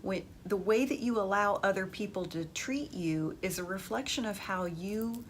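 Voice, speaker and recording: A woman's voice: mid-range voice, moderate pace, slight background noise. A woman hosting an advice podcast, speaking emphatically and conversationally as she addresses her listeners directly. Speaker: dating advice host.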